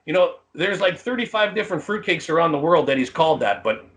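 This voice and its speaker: Man, middle-aged, from Canada, high voice, animated, laughs a lot, interview story. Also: fast. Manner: animated, laughs often, lots of fillers. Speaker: comedian guest.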